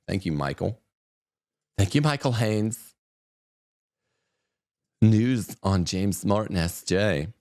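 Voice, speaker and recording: A man's voice: on the low side, no echo, studio quality. A man hosting an opinionated news commentary show, reading headlines and adding sarcastic, mocking asides. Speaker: host.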